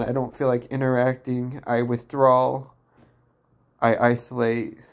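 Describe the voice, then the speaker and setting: Brief: distressed young man, twenties, creaky low-key voice, halting confessional vlog delivery. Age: 20s. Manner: halting, full of restarts and fillers, downcast. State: emotionally distressed. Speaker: vlogger. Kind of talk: personal venting monologue.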